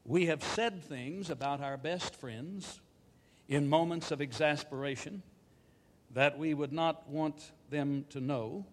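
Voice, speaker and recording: Man, unhurried scripted talk with dry wit, slightly high voice, long hall reverb. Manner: measured, deliberate delivery with dry wit.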